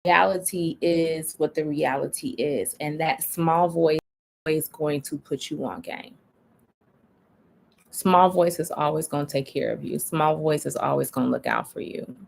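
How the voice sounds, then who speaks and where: A woman's voice: low-pitched, vocal fry. A woman life coach giving a casual, preachy talk on a live stream, stretching out key words for emphasis. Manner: conversational, preachy, drawn-out emphasis. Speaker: life coach and spiritual guide.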